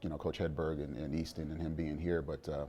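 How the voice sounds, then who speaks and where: A middle-aged man, the father of a young player, talking in a relaxed sit-down interview with many fillers and restarts. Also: extremely low pitch, a little fast, slight background noise. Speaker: interview guest, father of a college quarterback.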